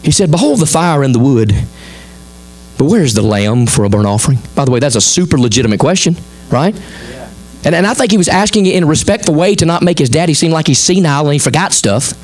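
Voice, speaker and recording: A middle-aged man with a Southern American accent, preaching a sermon as pastor, folksy and animated, acting out the people in the story in quick voices. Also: a little high.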